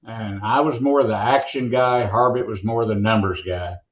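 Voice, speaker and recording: An older man with an Oklahoma accent, a guest who used to announce monster truck events, spins stories and jokes in a folksy, rambling way during a casual interview. His voice sits on the low side at a moderate pace, and the recording sounds lo-fi.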